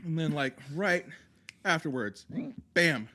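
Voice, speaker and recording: A man co-hosting a podcast, talking in a relaxed, rambling way with fillers. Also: a little high, slow. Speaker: podcast co-host. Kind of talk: casual chat.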